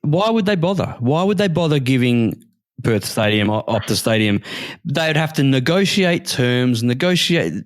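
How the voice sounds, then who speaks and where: A man's voice: fairly high pitch, expressive, normal speed, dry recording, studio quality. An Australian man co-hosting a podcast, rambling and repeating himself in casual chat. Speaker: podcast co-host.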